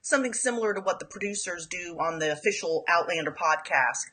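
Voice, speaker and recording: Bright, husky-voiced woman caller. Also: fast talker. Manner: friendly, enthusiastic pitch of an idea. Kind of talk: casual recorded voice message.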